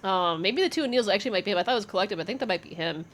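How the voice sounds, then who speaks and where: A woman's voice: mid-range voice, animated, rapid-fire, a little hiss or hum. Swearing, chatty woman reading tarot. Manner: chatty, swears freely, laughs often, thinks aloud with fillers. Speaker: tarot reader.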